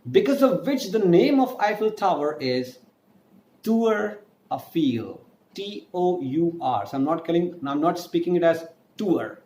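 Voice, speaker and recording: A man with an Indian English accent teaches a French class, with a voice a touch higher than most men's. He says key points twice and spells words out letter by letter. The room is echoey, with a faint hum behind him. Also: darkish tone. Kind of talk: online language lesson.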